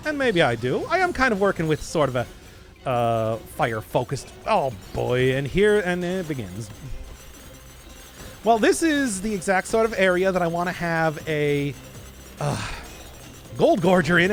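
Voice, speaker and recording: A man talking through a video game session in a casual, playful way. His voice sits a little high and swings widely in pitch as he jokes and reacts. Soft music plays behind him. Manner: playful, joking, self-deprecating. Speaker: gaming streamer. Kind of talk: casual gameplay commentary.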